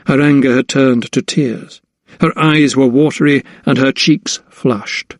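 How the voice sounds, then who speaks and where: A man reading an audiobook as narrator, in measured storytelling. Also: medium pitch, fairly even intonation, dry recording, clean studio sound. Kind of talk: scripted narration.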